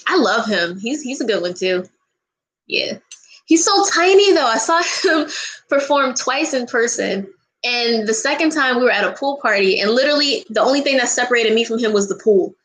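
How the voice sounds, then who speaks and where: A woman's voice: a little high, expressive, normal speed, fairly bright tone, poor audio. Giggly, gushing young woman vlogger. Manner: bubbly, giggly, gushing, sings snatches of songs. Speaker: vlogger answering viewer questions. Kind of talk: casual chat.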